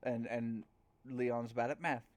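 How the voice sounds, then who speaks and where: Halting man narrating as game master. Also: medium pitch, steady tone. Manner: halting, with many fillers and restarts.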